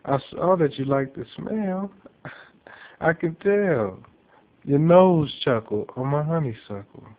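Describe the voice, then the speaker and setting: A man voicing a gentle, amused male figure of love who speaks slowly, recorded with a tinny phone-like sound. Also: fairly high pitch, animated, pitched above the performer's own voice.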